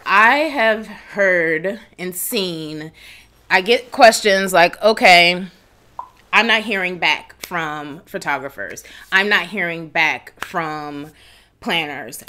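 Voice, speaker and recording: A woman's voice: takes it slowly, bright, forceful tone. A woman hosting a casual live Q&A at home, giving direct, chatty advice. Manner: chatty, direct, acts out quoted people in higher voices. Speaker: wedding planning host.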